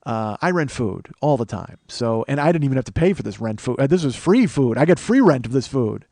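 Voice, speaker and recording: A man from Chicago, a podcast host, telling a long comic story in a profane, animated way. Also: mid-range voice, brisk, creaky, few pauses, dry recording. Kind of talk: comedic storytelling monologue.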